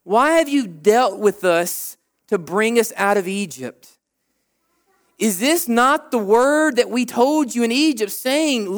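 A man preaching a sermon as a pastor, animated, acting out the people's complaints in short bursts. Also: very high-pitched.

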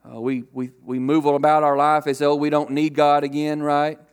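A man preaching a sermon to a congregation, asking rhetorical questions and acting out loud quotes. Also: fairly high pitch, flat delivery, moderate pace, clear, resonant tone. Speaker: pastor.

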